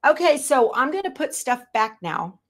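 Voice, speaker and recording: A woman's voice: high-pitched, very animated, normal speed. A woman hosting a quilting show, chatting casually to viewers and herself as she sorts her craft room. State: out of breath at times. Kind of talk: casual chat while tidying. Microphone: earbuds.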